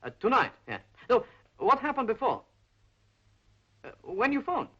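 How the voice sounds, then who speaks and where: An actor playing a nervous crook, speaking hesitantly. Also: male voice, very high-pitched, sing-song, measured pace, bright, forceful tone, breathy edge, heavily acted. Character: tense Italian crook on the run. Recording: dull old film soundtrack.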